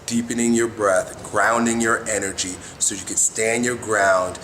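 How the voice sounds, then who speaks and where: A blunt, foul-mouthed man talks straight to the camera like a coach, keeps checking in with "right?" at mid pitch. His voice rings around a reverberant room, and a faint hiss sits under it. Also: fairly even intonation, unhurried, a bit bright. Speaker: self-help vlogger. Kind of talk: casual coaching monologue. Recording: echoey room with faint noise.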